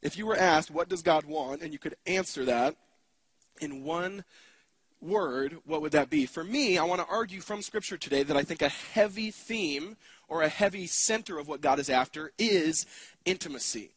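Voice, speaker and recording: A man's voice: on the high side, animated, moderate pace, slightly rough, no echo. Chatty man preaching casually. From United States. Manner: casual, chatty, self-deprecating, many fillers. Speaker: conference keynote speaker. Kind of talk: conversational sermon.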